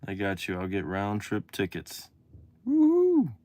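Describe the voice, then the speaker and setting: A man from Texas hosting a casual livestream, chatting with viewers in a relaxed, rambling way that turns eager at times. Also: normal speed, dry recording. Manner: relaxed, chatty, drifting from low mumbles to excited bursts. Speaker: livestream host. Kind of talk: casual livestream chat reading comments.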